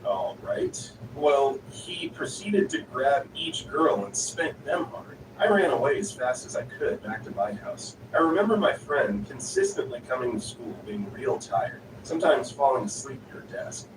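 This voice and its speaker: A man's voice: mid-range voice, expressive, measured pace, hardly any pauses. A man reading stories aloud in a plain storytelling delivery. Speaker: story narrator. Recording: roomy, distant, noisy.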